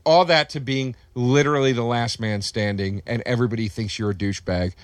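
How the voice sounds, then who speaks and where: A man's voice: mid-range voice, steady tone, brisk, clear, resonant tone, dry recording. A male comedian telling a story in casual podcast talk, acting out the quotes with plenty of life.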